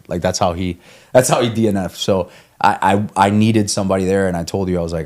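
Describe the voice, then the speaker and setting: Man, casual storyteller, low voice, swears freely, loose podcast chat. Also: fast talker, a little mellow. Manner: storytelling, swears freely, laughs while telling. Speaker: guest, ultramarathon runner.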